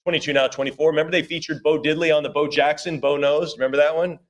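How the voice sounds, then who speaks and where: A man working as auctioneer, calling bids rapidly in a live auction and breaking off for chatty asides to bidders and staff. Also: on the high side, steady tone. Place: auction room.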